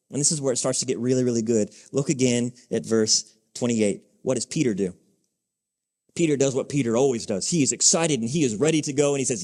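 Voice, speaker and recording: A man preaching from the pulpit of a church, and his fairly high voice rings out with a long reverb tail across the sanctuary. He tells the story conversationally and often stops to ask the congregation rhetorical questions. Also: sing-song, brisk, a little mellow. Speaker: pastor. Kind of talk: sermon.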